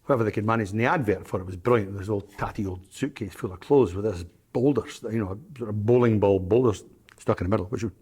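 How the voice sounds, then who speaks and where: A man's voice: fairly low pitch, fast, darkish tone, breathy edge. An older man, telling stories as an interview guest, rambling and hesitant with frequent ums and restarts. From Scotland, Isle of Arran. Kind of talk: anecdotal storytelling in an interview.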